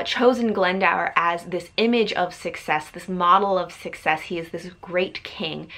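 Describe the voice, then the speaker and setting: A woman's voice: medium pitch, pushed and bright. A woman book vlogger explaining her ideas in a casual, thoughtful way, with frequent ums and likes.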